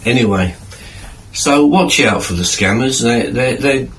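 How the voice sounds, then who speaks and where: A man in a garden shed chatting casually to camera with dry, deadpan humor, rambling and repeating his words. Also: medium pitch, measured pace, rough recording. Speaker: video creator.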